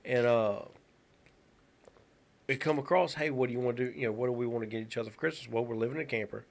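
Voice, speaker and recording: A man's voice: medium pitch, fast talker, gravelly. Rambling man telling a story. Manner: rambling storyteller with many restarts. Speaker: podcast co-host. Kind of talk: casual chat.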